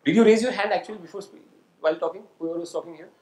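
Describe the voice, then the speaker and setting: A man speaks as a guest lecturer, calling on students and testing them with questions. His voice sits a little high for a man. The sound carries the echo of a lecture hall. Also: very fast, a little mellow. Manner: engaging, quizzes the audience and calls on people; asks "right?" to check understanding.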